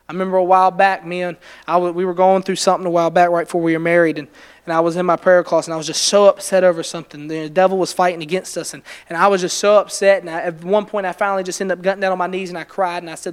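A man's voice: sits high, steady tone, quick pace, clear, resonant tone. A man preaching a conversational sermon, asking his congregation questions and building to emphatic, rising passages. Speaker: preacher leading a Bible study.

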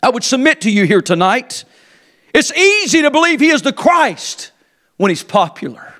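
High-voiced preacher, fervent. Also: male voice, very animated, normal speed. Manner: impassioned, swinging between shouted emphasis and low quiet asides. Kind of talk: sermon. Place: church service before a congregation.

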